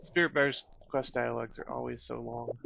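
Gravelly man casually narrating a game. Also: medium pitch, moderate pace, muffled recording, music in the background. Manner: relaxed, chatty, reads game text aloud. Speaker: gaming channel host. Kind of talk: casual let's-play commentary.

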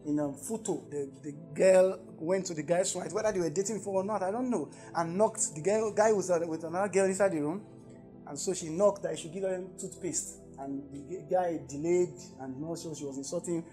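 A man with a Nigerian English accent preaching a sermon to a campus congregation, swinging between loud emphatic calls and low asides and asking the crowd questions.

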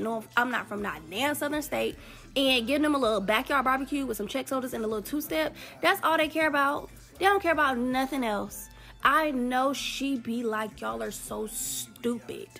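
A woman's voice: high voice, fairly bright tone. A woman giving a blunt, exasperated political commentary rant in casual slang.

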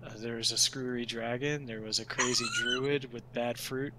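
A man's voice: mid-range voice, moderate pace, crowd noise. A man playing a tabletop game who chats casually and jokes with the table. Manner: joking, animated, laughs often. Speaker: player.

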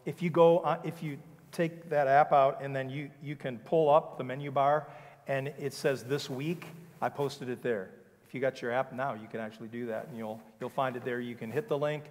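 A man preaching as a pastor in a church, talking conversationally and telling stories with acted-out dialogue. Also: mid-range voice. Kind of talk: sermon. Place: church sanctuary. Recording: long reverb of a church hall.

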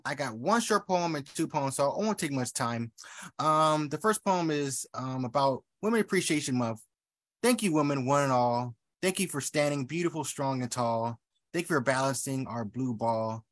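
A man's voice: mid-range voice, no room sound. Playful man reading rhymes, dry sound. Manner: playful, rhyming banter with filler ums. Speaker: open mic poet. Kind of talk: rhyming poetry reading with casual asides.

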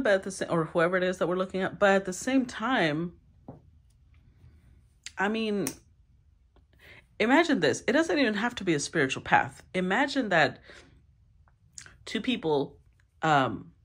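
A woman giving a solo tarot reading, thinking aloud with sighs, restarts and throat clearing. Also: on the low side, a bit bright. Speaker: tarot reader.

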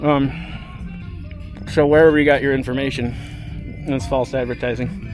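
A man's voice: medium pitch, flat delivery, normal speed, music in the background. A man telling a story casually, rambling and swearing heavily. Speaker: vlogger.

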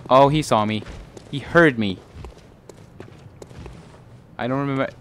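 A gaming channel host runs a let's play, talking in a jumpy way, exclaiming often and swearing a lot. His mid-range voice has a fairly bright tone and a slightly slow pace. Game sounds can be heard behind him, along with a little hiss or hum.

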